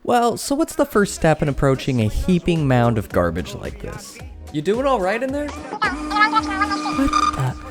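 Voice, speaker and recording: A young man narrating a comedic tech vlog, animated and exclaiming, bantering with himself, with faint music behind. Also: fairly high pitch, normal speed. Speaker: YouTube creator.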